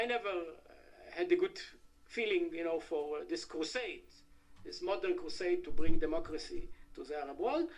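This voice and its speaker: Male conference speaker, middle-aged, high voice, hesitant and wry. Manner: halting, many "uh" fillers, wry asides to the audience. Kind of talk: academic conference talk. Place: conference hall.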